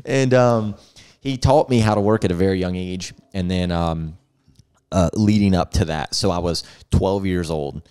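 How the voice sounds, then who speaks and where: A man's voice: low-pitched, moderate pace, clean tone. A man hosting a casual podcast, telling a childhood story with laughs and acted-out quotes. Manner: lively, laughing, acts out quotes. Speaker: podcast host.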